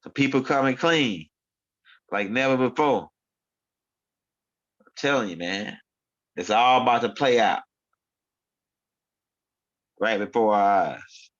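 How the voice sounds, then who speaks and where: A man's voice: medium pitch, slow, pauses often, fairly bright tone. A man hosting his own online show, rambling through casual commentary in street slang and often repeating himself. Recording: dull lo-fi sound.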